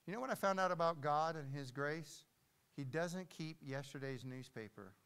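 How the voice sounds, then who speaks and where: An older man preaching a sermon as pastor in a church, swinging from hushed storytelling to loud declarations. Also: fairly high pitch, moderate pace, clear, resonant tone. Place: church hall.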